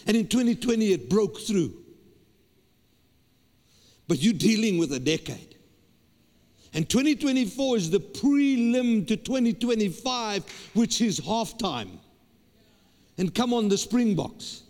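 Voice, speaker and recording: High-voiced preacher in a hall. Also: male voice, animated, measured pace, darkish tone. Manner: emphatic, repetitive preaching with stammered restarts. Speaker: pastor. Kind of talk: sermon. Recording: long hall reverb.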